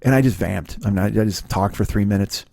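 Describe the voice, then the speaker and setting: A man's voice: lowish voice, fairly quick, creaky, a little mellow. A middle-aged man hosting a podcast, telling a rambling, profane, self-deprecating story with many restarts. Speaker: podcast host. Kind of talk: casual storytelling monologue.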